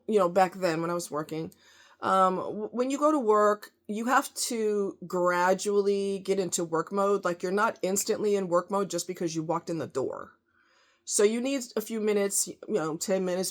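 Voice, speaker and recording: A woman telling a workplace story in a casual, exasperated, animated monologue. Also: lowish voice. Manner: animated, exasperated, quotes others in raised voice. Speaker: storyteller recounting a workplace experience.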